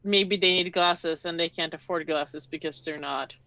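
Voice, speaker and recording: A woman's voice: on the low side, steady tone, moderate pace, vocal fry, pushed and bright, no echo. Woman player, mid voice, dry dull lo-fi sound. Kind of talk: tabletop role-play chat.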